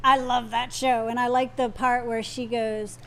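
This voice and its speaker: A woman in her fifties co-hosting a relaxed livestream chat. She drops in short, teasing remarks in a somewhat higher voice. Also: unhurried. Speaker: co-host.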